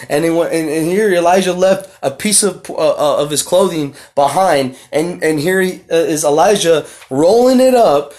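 A man preaching a podcast sermon, reading scripture slowly and with emphasis, then explaining it in a casual, repetitive way. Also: a little high. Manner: repeats and restarts phrases, swells loud on key words.

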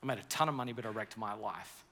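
A man voicing a quiet, regretful older businessman. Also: fairly low pitch, quick pace, slight background noise, pitched below the performer's own voice, natural voice. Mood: earnest regret. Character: older male entrepreneur, earnest and regretful. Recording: long reverb of a big hall.

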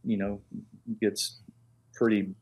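An older man with a husky, somewhat low voice spins stories as a guest in a relaxed conversation. He talks in an animated way and slips into the voices of the people in his tales. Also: slow. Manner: animated storyteller who acts out quoted voices. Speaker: guest, master engraver. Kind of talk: casual storytelling.

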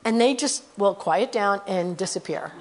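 A woman preaching a conversational sermon about her missionary work. She speaks earnestly, often adds "you know" and "okay?", and reads scripture quickly. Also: mid-range voice.

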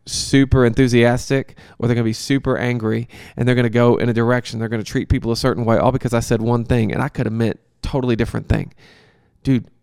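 Pastor guy chatting casually, joking around, resonant voice with some fry. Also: mid-range voice, no room sound, studio quality. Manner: conversational, animated, joking asides. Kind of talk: casual Q&A talk.

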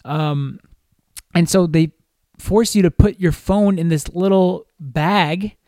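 A young man on a podcast telling a long, animated story in casual chat, swearing freely and restarting his sentences often. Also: high voice, slow, no echo, studio quality. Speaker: podcast co-host.

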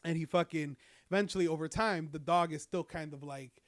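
A man's voice: on the high side, a little fast. Rambling young man swearing casually. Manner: rambling, profane, lots of fillers. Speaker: storyteller. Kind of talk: casual chat.

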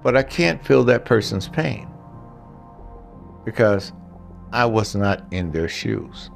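An older man with a fairly low, animated voice and vocal fry speaks slowly over faint music. He is blunt and story-driven, addressing the guys directly as he gives relationship advice in a casual monologue.

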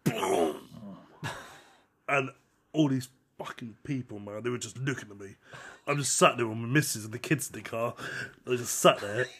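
A man co-hosting a podcast, telling a long story in casual chat, animated, swearing often and laughing as he talks. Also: mid-range voice, normal speed, breathy edge. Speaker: podcast co-host.

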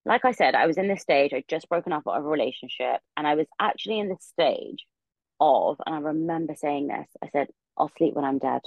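Podcast guest: young woman, low voice, rapid rambling storyteller, dull lo-fi dry recording. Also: animated, gravelly, no room sound. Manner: rambling, many filler words. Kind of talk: casual storytelling. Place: her room.

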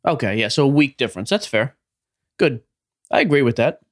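A man's voice: medium pitch, expressive, fairly quick. A man co-hosting a podcast in casual chat, teasing and wisecracking with his partner. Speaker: podcast co-host.

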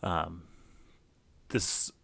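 A middle-aged man telling a personal story casually, animated, with many restarts. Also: very slow, no room sound, clean studio sound. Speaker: guest storyteller.

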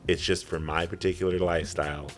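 A man's voice: sits low, fairly even intonation, fast, faint music behind. A man in his thirties co-hosting a podcast, chatting casually and rambling off on tangents with chuckles. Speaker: podcast co-host.

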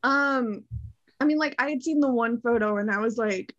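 A woman's voice: a little high, normal speed, fairly bright tone, no echo. A woman co-hosting a podcast in casual chat, talking effusively and filling her sentences with "like". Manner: effusive, heavy use of "like". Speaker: podcast co-host. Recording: dull lo-fi dry sound.

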